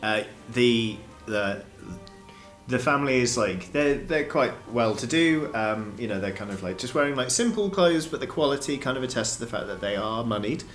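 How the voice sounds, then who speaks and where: A British man narrates a tabletop game as dungeon master, his pitch rising and falling a lot. He stops and restarts often, filling gaps with ums. Faint music plays behind him. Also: animated, moderate pace, a bit bright, echoey room. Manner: hesitant, full of ums and restarts.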